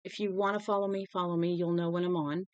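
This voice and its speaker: A woman's voice: lowish voice, flat delivery, quick pace, dry recording, muffled recording. A woman hosting a read-aloud livestream, tired and yawning, chatting to viewers in a rambling, friendly way with many filler ums. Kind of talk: casual livestream chat after book reading.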